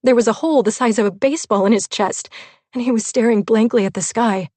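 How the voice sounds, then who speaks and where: A woman's voice: mid-range voice, fairly quick, mellow, no echo. A woman narrating a first-person novel as an audiobook, with tense, vivid delivery.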